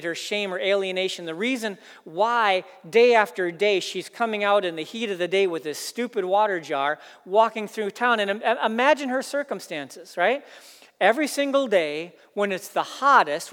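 A pastor preaching a sermon, earnest, building emphasis through repeated phrases. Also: male voice, high voice, fairly bright tone, big-room sound.

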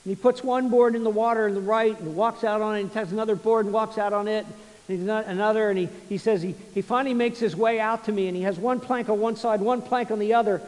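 A man preaching a sermon, retelling a story with many repeats and restarts, swinging between quiet and loud passages. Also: sits high, steady tone, quick pace, long reverb tail, low-quality recording. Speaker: pastor.

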